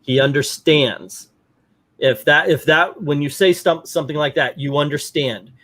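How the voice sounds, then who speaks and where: A middle-aged man tells a story in a casual chat, his voice sitting a little high. He acts out the lines of the people he talks about and keeps the story moving. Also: measured pace. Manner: animated storyteller, acts out quotes. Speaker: podcast host.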